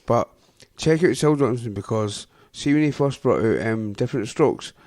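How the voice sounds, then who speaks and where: A man's voice: medium pitch, expressive, moderate pace, a little mellow, no room sound, studio quality. A Scottish man co-hosting an afternoon radio show, chatting casually with teasing, jokey banter. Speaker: radio host.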